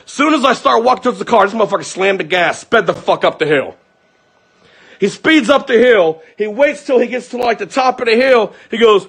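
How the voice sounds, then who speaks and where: In a high, animated voice that's fairly bright with a breathy edge, the young vlogger recounts the blowup at home at a moderate pace. He's angry and swearing, acting out each quoted line for his viewers.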